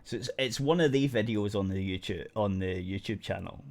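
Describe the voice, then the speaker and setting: A man's voice: fairly low pitch, brisk, a little mellow. A man co-hosting a podcast, telling a gaming story in loose, rambling casual chat with frequent restarts and casual swearing. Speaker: podcast co-host.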